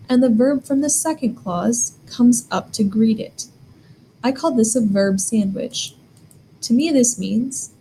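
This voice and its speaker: A woman's voice: medium pitch, creaky, warm tone, a little hiss or hum, low-quality recording. A woman teaching a German grammar lesson, explaining step by step and asking the learner questions.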